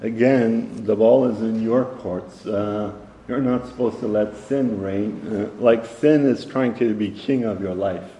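Male Bible teacher, mellow low voice, slow and halting delivery, roomy hall sound. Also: a little hiss or hum. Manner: halting, frequent fillers, reads verses aloud. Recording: echoey hall with long reverb.

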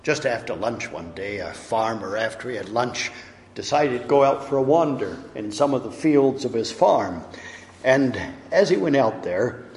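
Brief: male preacher, mid-pitched, earnest storyteller, big hall reverb. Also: lively intonation, moderate pace, darkish tone. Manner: earnest, storytelling, rising and falling emphasis. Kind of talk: sermon. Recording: long echo of a large hall.

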